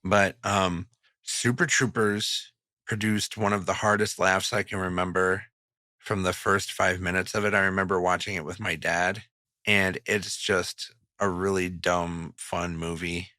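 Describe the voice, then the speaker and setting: A man's voice: low voice, little pitch movement, a little slow, sharp tone, no echo, studio quality. A man co-hosting a podcast in casual chat, loose and joking, swearing freely. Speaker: podcast co-host.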